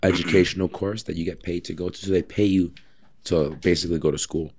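A man, a personal trainer, telling stories in a casual podcast chat, with lots of fillers like "like" and "um" and a lively way of talking. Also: low-pitched, quick pace, slight background noise. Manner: animated storyteller, many fillers.

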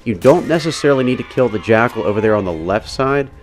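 A man's voice: mid-range voice, animated, quick pace. A man giving casual, step-by-step gameplay commentary as the voice-over for a game walkthrough. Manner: casual, instructive, talks the viewer through each step. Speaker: video game walkthrough narrator.

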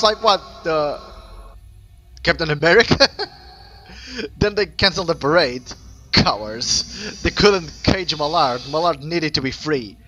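A man commenting on a game he plays, excitable, laughing often and breaking into squeals and shouts. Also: fairly high pitch. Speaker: let's play host. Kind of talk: casual gameplay commentary.

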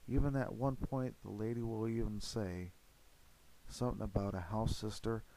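Low, mellow-voiced male investigator narrator. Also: normal speed, a little hiss or hum, low-quality recording. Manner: steady, earnest, with frequent "uh" fillers. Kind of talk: narrated voice-over of recordings.

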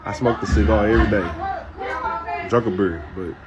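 A man's voice: lowish voice, normal speed, muffled recording, very noisy. A man hosting a casual livestream, chatting with viewers in a rambling, laid-back way. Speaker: livestream host. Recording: loud music and chatter behind.

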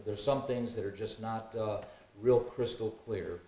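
A man's voice: fairly low pitch, a little slow, dark tone, reverberant, a little hiss or hum. A man in a Bible study discussion, reading scripture aloud and musing with many fillers. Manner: reads scripture aloud, hesitant with fillers, jokes and laughs.

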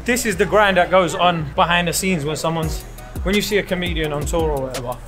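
A man's voice: on the high side, fairly quick. A young man doing stand-up crowd work, cheeky and swearing, laughing as he talks. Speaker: stand-up comedian. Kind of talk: crowd work and casual chat. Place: comedy club stage, then backstage. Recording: live club with loud crowd and music.

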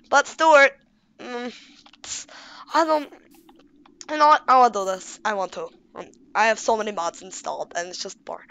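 A woman giving playful gameplay commentary on a game mod, excitable and gushing, baby-talking to her in-game pets. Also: fairly high pitch, moderate pace, pauses often, slight background noise. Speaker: YouTuber showing a game mod.

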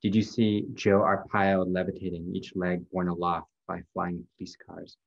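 A man with a very low, deep voice gives a poetry reading. He delivers a long chain of questions in a measured, incantatory cadence. The audio is dull and lo-fi. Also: flat delivery, gravelly. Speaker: poet.

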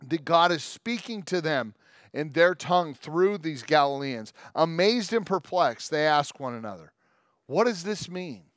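A man's voice: a little high, animated, fairly bright tone, dry recording. Dry, conversational preaching man. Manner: conversational and joking, with quick asides; reads scripture aloud at length. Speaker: pastor. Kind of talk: sermon.

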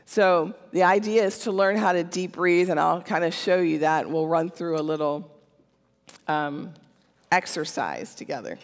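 Church speaker, casual sermon, gravelly voice, long hall reverb, checks in with "okay?". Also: mid-range voice, unhurried. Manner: conversational, often adds "okay?". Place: church sanctuary.

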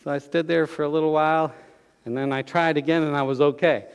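Pastor guy preaching, folksy and excitable, high voice, big reverb from the church hall. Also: fast, smooth, muffled recording. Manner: folksy storytelling, gets loud and excited. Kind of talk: sermon. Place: church sanctuary.

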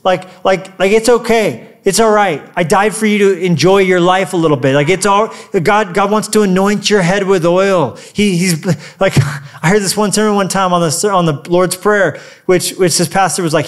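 A man preaching a sermon as a pastor, energetic and playful, with quick asides and calls to the congregation. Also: sits high. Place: church auditorium.

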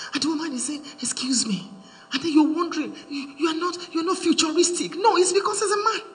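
Lively woman preaching in a reverberant hall. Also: high voice. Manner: animated and humorous, acting out quotes. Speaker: preacher on marriage. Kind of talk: sermon to a congregation. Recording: reverberant hall with faint hum.

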